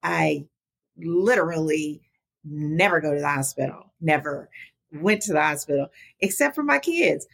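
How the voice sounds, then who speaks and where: A middle-aged woman, a podcast guest, telling her story candidly in an animated, conversational way. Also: sits low, unhurried, gravelly. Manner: animated, talks to the host as "girl". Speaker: podcast guest, small business advocate.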